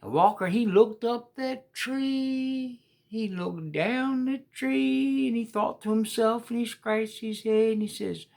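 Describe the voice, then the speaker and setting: A woman's voice: on the high side, slow, gravelly, darkish tone. A woman telling a children's story in a folksy, colloquial way and speaking straight to the young listeners.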